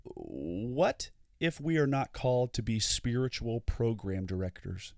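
A man co-hosting a ministry podcast, telling stories in an animated way with preacherly asides. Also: mid-range voice, measured pace, creaky, no room sound, clean studio sound. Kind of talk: storytelling podcast chat.

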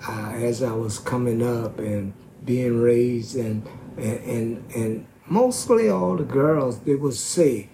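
A man preaching a sermon slowly and emphatically, stretching out key words. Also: medium pitch, creaky, dark tone, a little hiss or hum.

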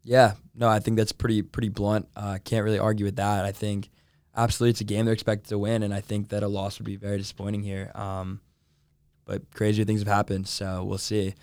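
A young man appearing as a guest sports analyst on a casual talk show, measured and hedging his views with "I think" and "you know". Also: lowish voice, monotone, darkish tone, clean tone, dry recording.

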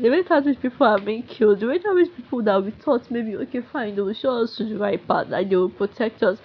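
Young Nigerian woman, husky and a bit high, venting in a halting solo monologue on dull lo-fi audio. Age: young adult. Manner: frustrated, halting, many restarts and sighs. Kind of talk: emotional unscripted monologue.

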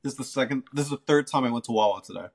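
Relaxed, teasing co-host from Philly. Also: mid-range voice, rapid-fire, slightly rough. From Philadelphia. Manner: teasing, relaxed, laughs often. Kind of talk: casual live-stream chat.

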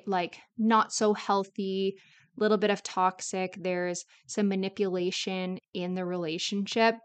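Young woman solo podcaster, clear resonant voice, mid pitch, chatty and confessional, rambles with fillers. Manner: casual, rambling, many "like" fillers; candid, confessional. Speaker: podcast host.

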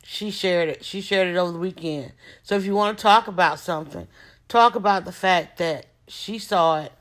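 A woman with a fairly low pitch speaks at a moderate pace in an informal monologue. As a small business owner, she takes an emphatic, repetitive, preaching tone and uses slangy talk to press her points.

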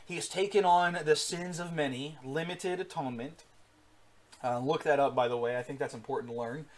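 An earnest male preacher teaching a sermon in a somewhat high voice. He builds to loud, emphatic peaks and often restarts his phrases with fillers. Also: steady tone, a little fast.

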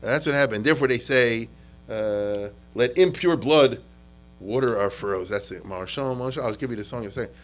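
A man giving a classroom history lecture, animated and full of restarts, acting out quotes to his students. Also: medium pitch, brisk, poor audio.

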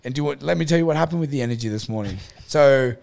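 Casting: male podcast host, rapid chatty storyteller, animated and profane. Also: mid-range voice, gravelly. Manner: animated, swearing, mimics his own thoughts. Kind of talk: casual storytelling chat.

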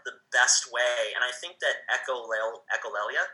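A man, a voice actor, chatting casually as an interview guest, with halting speech and many restarts. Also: medium pitch, bright, forceful tone, low-quality recording.

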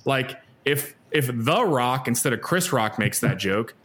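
A man of middle pitch hosting a casual podcast. He talks in an animated, opinionated way and often fills his sentences with "like". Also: unhurried. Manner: animated, opinionated, many "like" fillers. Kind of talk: casual discussion.

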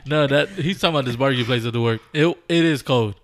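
A man with a middle-pitched voice chatting casually on a podcast. He sounds easygoing and laughs often. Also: quick pace, a little hiss or hum. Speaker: podcast co-host. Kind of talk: casual chat.

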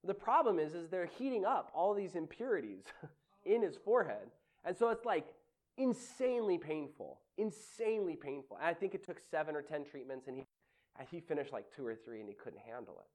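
A male pastor giving a sermon in an animated, conversational way, laughing often. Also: a little high, brisk.

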